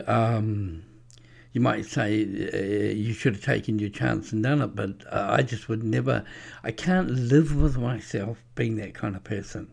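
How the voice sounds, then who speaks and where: A man's voice: medium pitch, a little mellow. A man giving a rambling, preachy religious monologue with anecdotes, many fillers and restarts. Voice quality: gravelly. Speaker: religious speaker.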